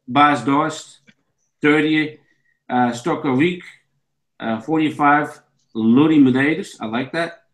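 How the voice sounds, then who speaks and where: Higher-voiced man rattling off a list. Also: rough recording. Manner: rattles off a long list, stumbling and restarting. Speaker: podcast co-host. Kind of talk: casual chat.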